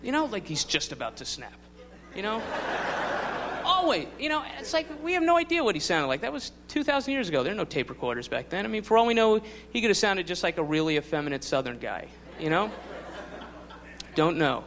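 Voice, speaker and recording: A man's voice: high voice, big pitch swings, fairly quick, fairly bright tone. A man doing a stand-up routine on a club stage, rambling with wry laughing asides. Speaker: stand-up comedian. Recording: live club with crowd and noise.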